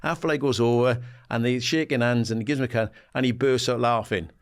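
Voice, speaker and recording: A man in his sixties from England, a guest in an interview, telling animated stories and acting out the dialogue. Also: mid-range voice, brisk. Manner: animated anecdotes, acts out quoted dialogue, laughs often; swears casually, says "mate". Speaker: guest, former footballer and assistant manager. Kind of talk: casual storytelling interview.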